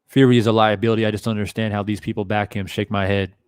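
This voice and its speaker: A man's voice: lowish voice, racing, smooth, dry recording, clean studio sound. A man hosting a live boxing stream, chatting casually with viewers and swearing freely. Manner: casual, profane, animated talker. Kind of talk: live stream commentary reading chat.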